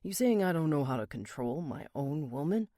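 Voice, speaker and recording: A man voicing a rough, blunt male biker who swears and growls his words, in an audiobook. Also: lively intonation, normal speed, warm tone, no echo, studio quality, close to an everyday voice. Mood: defiant. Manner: crude, swearing, low growl. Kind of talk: audiobook character reading.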